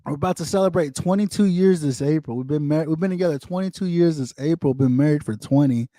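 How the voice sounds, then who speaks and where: Livestream host, man in his forties, slightly high voice, dry close sound, rambling, repetitive chat. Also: fast, dark tone, dry recording. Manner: rambling, repetitive, addresses viewers by name. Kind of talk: casual livestream chat reading viewer comments. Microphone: desktop microphone.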